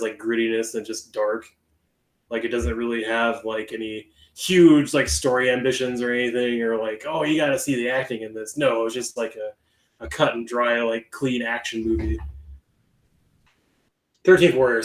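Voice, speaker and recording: A man's voice: medium pitch, roomy sound. A man co-hosting a podcast in casual chat, rambling with many fillers and restarts. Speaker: podcast co-host.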